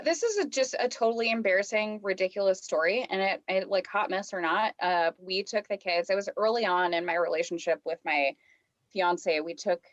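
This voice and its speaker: A woman guest on a podcast, chatting casually and telling an animated story full of fillers and acted-out quotes. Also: on the low side, no echo, dull audio. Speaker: podcast guest, lifestyle coach. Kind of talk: casual chat.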